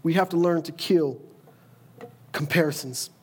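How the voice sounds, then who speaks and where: A man's voice: fairly high pitch, measured pace, a little mellow, breathy edge. A man preaching a sermon, emphatic, often repeating words as he builds a point and quoting scripture.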